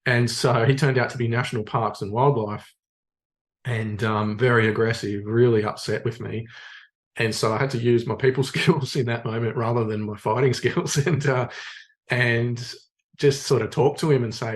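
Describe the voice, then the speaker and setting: An Australian man, a podcast guest, telling a story in a relaxed, rambling way with plenty of fillers. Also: mid-range voice, normal speed. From Sydney, Australia. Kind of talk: casual storytelling in conversation.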